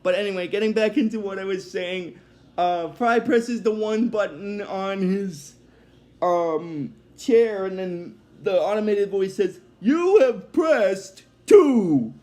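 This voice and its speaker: A man's voice: high-pitched, steady tone, measured pace, darkish tone. A man casually recapping a cartoon episode, rambling and hesitant with many fillers, apologizing when he drifts.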